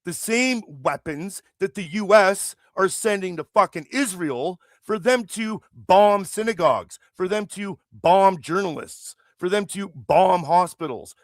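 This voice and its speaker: A man's voice: high-pitched, no echo, studio quality. A man hosting a live stream, delivering an angry, heavily profane political rant into a streaming mic. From Canada. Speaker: livestream host.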